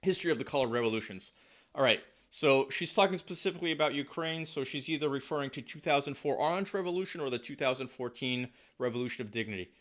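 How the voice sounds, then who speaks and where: A man's voice: mid-range voice, quick pace, a bit bright. An American man giving casual spoken commentary to camera, talking loosely with emphatic repeats. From United States. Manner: conversational, frequent fillers and restarts, emphatic repetition. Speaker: political commentary vlogger.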